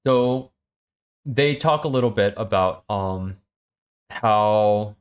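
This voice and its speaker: A man recapping and reading a web serial aloud, halting with many ums. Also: on the low side. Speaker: story reader.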